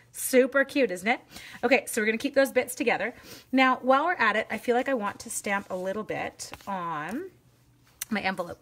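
A woman's voice: medium pitch, fairly bright tone. A bubbly woman from Canada in her forties hosts a live craft demonstration. She chats casually and pokes fun at herself while greeting viewers. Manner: chatty, bubbly, self-deprecating, greets viewers. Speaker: craft livestream host. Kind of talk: casual livestream demo chat.

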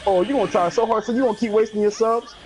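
Trash-talking through an online fighting game, this gamer keeps mocking his opponents in a playful, sing-song way. His voice is medium-pitched and darkish with fairly even intonation, he talks at a racing speed, and there's a little hiss or hum in the audio.

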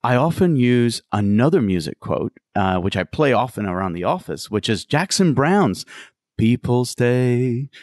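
A man's voice: medium pitch, very animated, moderate pace, hardly any pauses, no room sound, studio quality. A man hosting a podcast interview, talking in an enthusiastic, exclamatory way. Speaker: podcast host.

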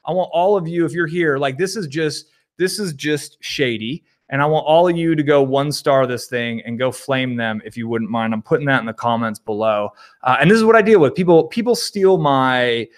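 A man hosting a live stream, reading viewer comments and answering in a rambling, animated way. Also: medium pitch, normal speed. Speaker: livestream host. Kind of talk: casual live Q&A.

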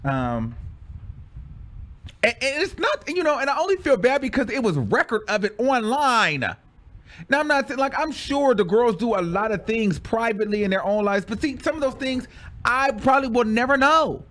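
High-pitched guy spilling a story time tale, voice swooping up and down, super dramatic and exclamatory. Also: very animated, moderate pace, fairly bright tone. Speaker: vlogger telling a personal story.

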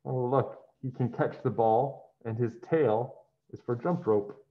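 Man storybook reader, unhurried, muffled recording. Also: mid-range voice. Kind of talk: children's story read-aloud. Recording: dull lo-fi sound.

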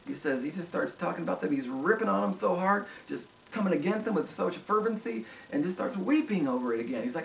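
A man preaching a sermon with impassioned delivery, rising to high emphatic peaks. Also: animated, fast talker, gravelly, hardly any pauses. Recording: echoey room, voice from far off.

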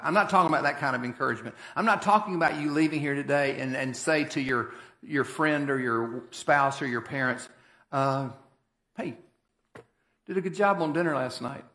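A man's voice: medium pitch, moderate pace, bright, forceful tone. A man preaching a sermon as pastor, in a folksy, conversational and emphatic way. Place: church sanctuary. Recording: echoey church hall.

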